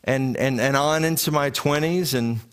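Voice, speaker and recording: Male rabbi, 30s, animated storytelling sermon with frequent restarts. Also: mid-range voice, normal speed, a little hiss or hum. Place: congregation sanctuary.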